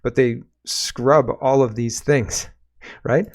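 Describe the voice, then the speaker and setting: A man's voice: mid-range voice, fairly even intonation, slow pace, a little mellow. A Canadian man hosting a casual solo political commentary show, reading viewer comments aloud and reacting with sarcasm and exasperation. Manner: sarcastic, exasperated, mocking voices in quotes.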